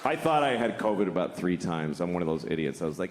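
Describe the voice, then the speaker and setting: A middle-aged man doing profane, self-deprecating stand-up. His mid-pitched voice moves animatedly up and down. A roomy echo and clear background noise surround it. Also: very animated, quick pace, hardly any pauses. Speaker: stand-up comedian. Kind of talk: stand-up routine. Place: venue before a live audience.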